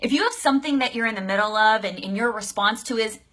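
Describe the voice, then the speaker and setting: A woman life coach giving an energetic, live-streamed coaching talk, exclaiming often and swearing casually. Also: a little high, quick pace.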